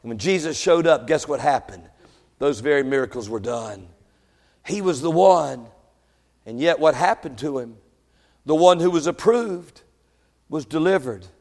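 High-voiced preacher booming in a hall. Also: male voice, animated, a little slow, long pauses. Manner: swings from shouted peaks to low, quiet asides; stammers and restarts when worked up. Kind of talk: sermon.

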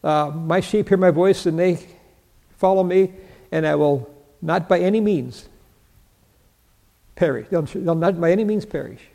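A man's voice: on the high side, a little slow, creaky, dark tone. An older man preaching a sermon, teaching Bible verses, asking his listeners questions, answering them himself and chuckling as he goes. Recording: long reverb of a large hall.

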